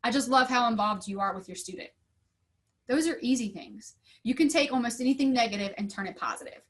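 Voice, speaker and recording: This is a woman teacher in her thirties presenting to other teachers. Her voice sits somewhat high. She tells classroom stories in an upbeat, storytelling way and slips into lively voices when she quotes people. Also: fairly quick. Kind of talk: conference talk.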